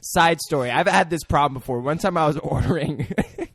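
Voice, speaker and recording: A man's voice: on the high side, a little fast, a bit bright. A young man co-hosting a podcast, recapping a movie in a loose, profane, rambling way and often laughing. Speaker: podcast co-host. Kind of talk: casual movie recap chat.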